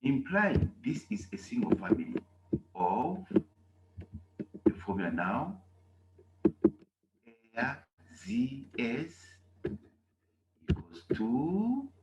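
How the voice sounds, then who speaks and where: A man teaching a German language class, explaining slowly with drawn-out, repeated examples. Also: mid-range voice, big pitch swings, roomy sound, dull audio, heavy background noise. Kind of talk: classroom lesson.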